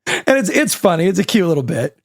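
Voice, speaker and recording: A man co-hosting a podcast, sharing film trivia in casual chat with relaxed asides. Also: high voice, a little fast, vocal fry, very noisy. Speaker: podcast co-host.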